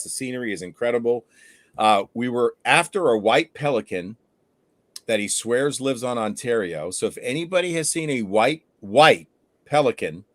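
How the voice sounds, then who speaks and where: A man hosting a casual fishing livestream, telling stories with lively energy and casual swearing. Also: medium pitch, no echo. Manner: animated storyteller, swears casually. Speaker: fishing show host.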